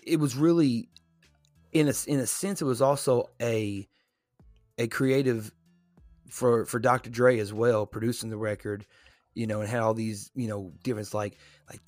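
Podcast co-host, male, lowish voice, rambling casual delivery, dry close mic. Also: a little mellow, dry recording. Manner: rambling, many fillers and restarts. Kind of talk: casual chat.

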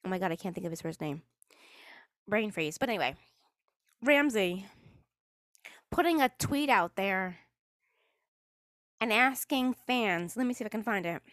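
A woman's voice: medium pitch, animated, normal speed, pauses often, fairly bright tone, dry recording, clean studio sound. A woman hosting a solo podcast, ranting in a sarcastic, exasperated way and swearing freely. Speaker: podcast host.

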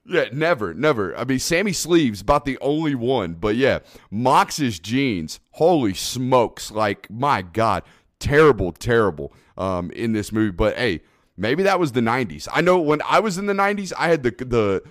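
A man co-hosting a podcast in casual chat, rambling and excitable, often laughing. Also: mid-range voice, moderate pace, no echo, studio quality. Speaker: podcast co-host.

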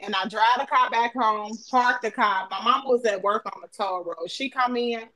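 A woman's voice: a little high, moderate pace, pushed and bright. A woman hosting a casual phone-chat podcast, telling a story and acting out the voices of the people in it. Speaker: podcast host.

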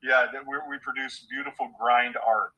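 Husky-voiced male podcast guest. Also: mid-range voice, level tone, moderate pace, sharp tone, lo-fi sound. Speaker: guest, photography business owner. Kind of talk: casual interview answers.

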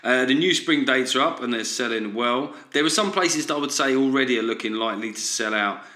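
A man's voice: mid-range voice, brisk, sharp tone. A man hosting a solo comedy podcast, ranting sardonically and tossing in frequent "right?" asides. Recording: roomy echo.

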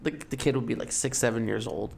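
Fast-talking gravelly man, blunt and joking. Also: mid-range voice, a little mellow. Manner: blunt and joking, swears freely. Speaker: podcast co-host. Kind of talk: casual chat.

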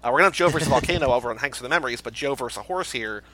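A man hosting a casual movie podcast, running through award categories in a quick, upbeat way. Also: medium pitch, sharp tone. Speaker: podcast host.

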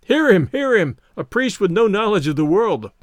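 Joking teasing adventurer guy, mock-solemn, higher and louder when he jabs, man reading. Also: very animated, moderate pace, dry recording, studio quality.

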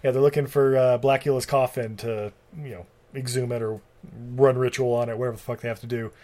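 A man in loose, casual chat, rambling through a recap with many fillers and casual swearing. His voice sits at an ordinary middle pitch for a man. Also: fairly even intonation, quick pace, warm tone.

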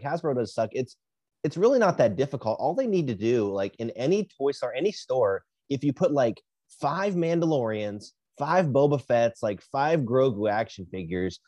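A man's voice: medium pitch, warm tone, no room sound. A man co-hosting a casual chat, agreeing emphatically and repeating his words as he talks.

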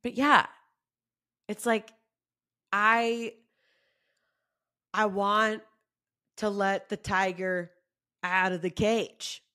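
A woman's voice: medium pitch, flat delivery, drawn-out words, long pauses, sharp tone, dry recording, clean studio sound. A woman hosting her own podcast, talking casually and candidly, with lots of "like" and the odd swear word. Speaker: podcast host. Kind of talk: casual solo podcast talk.

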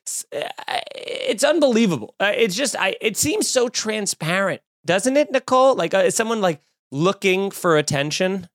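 A man's voice: high-pitched, normal speed, hardly any pauses, fairly bright tone, no room sound, studio quality. A man in his thirties hosting a comedy podcast, ranting with sarcastic, mocking energy. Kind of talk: comedic rant.

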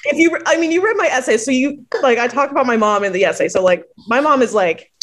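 A woman poet from New Jersey talks in a relaxed interview. She laughs easily and tells her stories with lively acted-out quotes. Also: sits high, quick pace, a little hiss or hum. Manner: chatty storyteller who laughs often and acts out quoted voices. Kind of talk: casual interview conversation.

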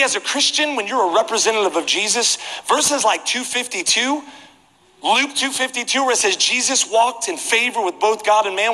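A male preacher telling a comic story in an animated way, acting out voices, in a large hall. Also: high-pitched. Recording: reverberant hall, faint ambience.

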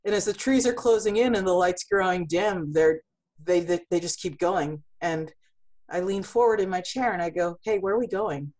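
A woman's voice: on the low side, normal speed, darkish tone. A woman who runs a comics publishing company, answering in an interview with vivid analogies and frequent restarts.

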